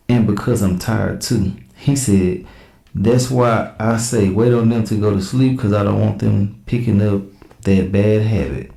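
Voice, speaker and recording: A man with a lowish, mellow voice hosts a casual reaction show, reading text messages aloud in a plain back-and-forth and cutting in with blunt, slangy remarks. The sound carries an echoey room ring. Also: creaky. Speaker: reaction channel host.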